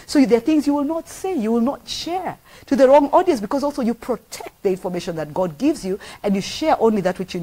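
A woman's voice: fairly high pitch, warm tone, slightly rough. A middle-aged woman with a Kenyan accent preaching a sermon, earnest and emphatic, repeating phrases for weight. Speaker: pastor.

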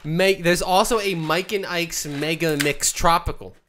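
A young man co-hosting a casual podcast, teasing his friends and letting his sentences trail off quietly. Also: fairly high pitch, a little slow, slight background noise. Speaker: podcast co-host. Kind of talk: casual chat.

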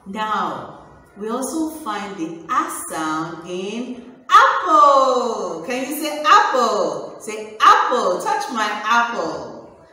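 A woman teaching a phonics lesson to small children, speaking in a slow, exaggerated, sing-song, encouraging way. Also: a little high, sharp tone. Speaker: pre-nursery teacher. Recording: echoey room from far off.

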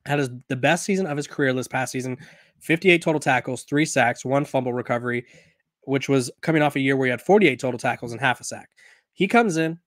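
A man's voice: mid-range voice, fast talker, a bit bright, no echo, studio quality. Casual man hosting a sports podcast. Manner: conversational, with restarts and self-corrections. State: has the hiccups. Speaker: podcast host.

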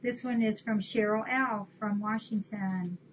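Speaking at a measured pace in a medium-pitched, fairly even voice, a woman hosts a shelter webcam stream, reading holiday cards and thanking the senders. Slight background noise colors the dull lo-fi audio.

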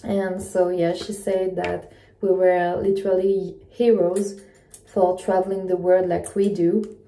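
Young woman vlogging, really dark mellow voice, takes her time. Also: lowish voice, little pitch movement. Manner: chatty, slightly halting with restarts. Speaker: travel vlogger. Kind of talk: casual vlog narration.

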